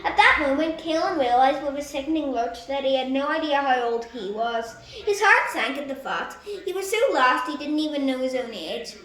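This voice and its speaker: A woman reads a story aloud with lively storybook narration, now and then stumbling and correcting herself. Her voice is high and bright. It is recorded in a room with a clear echo. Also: normal speed, hardly any pauses. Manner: lively reading with small stumbles. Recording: echoey room.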